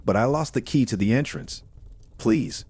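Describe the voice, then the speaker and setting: A man voicing a calm, threatening male creature that demands to be let in, in a horror story reading. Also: medium pitch, normal speed, husky, close to an everyday voice. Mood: coaxing. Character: menacing unseen male night visitor, calm and threatening.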